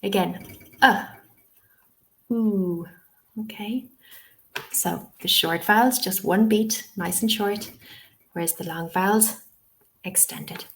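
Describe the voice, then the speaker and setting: An Irish woman trains English teachers over a webinar. She speaks at a slow, deliberate pace, modelling sounds one at a time in a mid-range voice. She checks in with "okay?" often as she goes. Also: mid-range voice, steady tone, fairly bright tone. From Ireland. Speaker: TEFL trainer. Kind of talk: webinar lesson.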